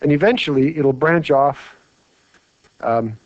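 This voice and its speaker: A man's voice: on the high side, slow, dry recording. Man, teacher, chatty lecture, rhetorical questions, dry dull recording. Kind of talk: whiteboard lecture.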